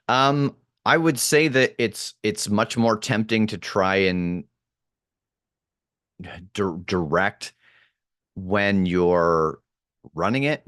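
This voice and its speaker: A man with a very low, deep voice talks through acting and production tips at an easy, thoughtful pace. He restarts often and fills pauses with ums. The sound is dry and close, with no room around it. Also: fairly bright tone, clean tone, no echo. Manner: thoughtful, many fillers and restarts. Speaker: podcast producer and actor. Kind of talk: casual interview chat.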